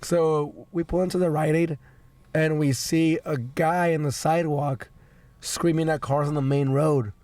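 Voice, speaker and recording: A man's voice: a little high, steady tone, measured pace, a little mellow, no echo. A man hosting a podcast, telling a rambling story with lots of stammers and swearing, his voice worn from being sick. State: voice worn out from illness. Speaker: podcast host. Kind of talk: casual chat, storytelling.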